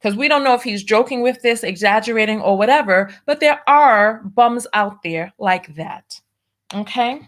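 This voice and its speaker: Female host, animated commentary voice, preachy tone, reads donations aloud. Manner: lively, preachy, drawn-out emphasis with big pitch swings. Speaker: show host. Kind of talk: commentary and reading viewer donations.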